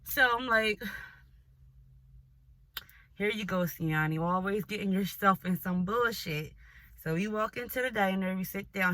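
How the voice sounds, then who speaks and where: Young woman vlogging a storytime, bright voice, super animated and swears a lot, dry close sound. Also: medium pitch, slow, long pauses, no room sound. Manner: animated, profane, laughing storyteller. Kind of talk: storytime vlog.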